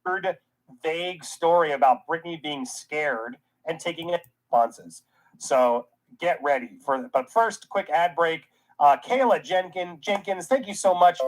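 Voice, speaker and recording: Fields: Role: ranting commentary host. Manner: indignant, sarcastic. Pitch: middle. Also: expressive, moderate pace, rough recording. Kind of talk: reaction commentary.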